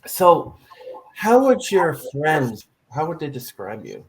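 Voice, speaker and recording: A man hosting a podcast in casual chat, telling stories with lively, acted-out quotes. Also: fairly high pitch, slow, slight background noise, rough recording. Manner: animated storyteller, acts out quotes. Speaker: podcast host.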